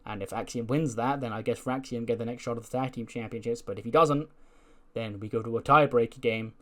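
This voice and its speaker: A man casually narrating his wrestling game playthrough, chatty and quick to laugh. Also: medium pitch, steady tone, fairly bright tone. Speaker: let's play narrator.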